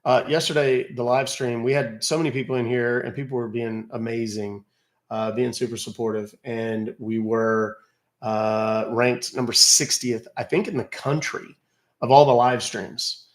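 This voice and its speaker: A man's voice: medium pitch, steady tone, a little slow. A man hosting a livestream, chatting casually and directly to his viewers. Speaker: livestream scam-baiter host.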